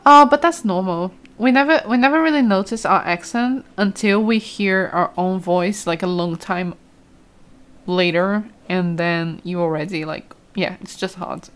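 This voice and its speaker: A woman's voice: medium pitch, a little slow. A young woman from Brazil, chatting casually over gameplay, exclaiming often and reading chat aloud. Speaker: streamer.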